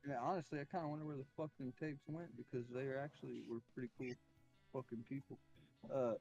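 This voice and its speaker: A man's voice: medium pitch, fairly even intonation, fast talker, a little mellow, dull audio, soft background music. A man chatting casually on a stream, loose and profane, drawling with lots of filler. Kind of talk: casual chat.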